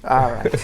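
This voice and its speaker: Man, talk show host, lawyer, animated, jokey then serious. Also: high-pitched, noisy background. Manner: animated, swings between loud jokes and sober explaining. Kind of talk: casual live show chat.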